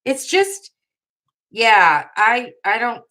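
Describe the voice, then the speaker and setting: A woman in her thirties with a bright, forward voice, chatting casually on a live crafting stream. She rambles through stories as she works and laughs easily. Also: a little high, big pitch swings, very slow, rough recording. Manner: chatty, rambling storyteller who laughs often. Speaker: paper craft video host.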